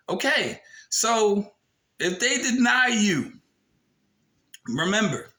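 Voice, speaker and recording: A man with a high, bright and forceful voice talks through a form in a casual explainer. He reads passages aloud, stresses key words hard, and throws in rhetorical questions and blunt swearing. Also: poor audio. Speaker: video presenter.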